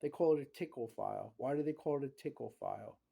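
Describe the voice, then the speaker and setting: A man talking in a rambling casual monologue, full of "you know" and "bro", swinging between low mutters and loud emphatic bursts. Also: fast, gravelly, husky. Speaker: vlogger.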